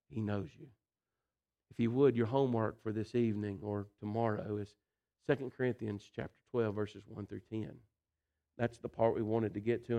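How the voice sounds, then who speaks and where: Folksy, animated male preacher. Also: lowish voice, creaky. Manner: animated, folksy, repeats "listen" and "you know". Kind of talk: sermon.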